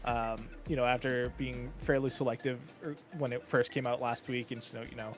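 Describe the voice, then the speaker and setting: A man giving color commentary on a fighting game tournament, relaxed and analytical, with plenty of fillers. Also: mid-range voice, brisk, faint music behind.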